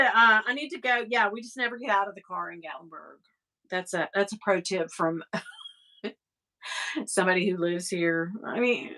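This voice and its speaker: A woman's voice: medium pitch, bright, forceful tone. A middle-aged woman from the American South with a Southern accent, rambling and laughing as she chats with her livestream viewers. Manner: chatty, rambling, laughs often, swears casually. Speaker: livestream host reading chat. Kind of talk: casual chat.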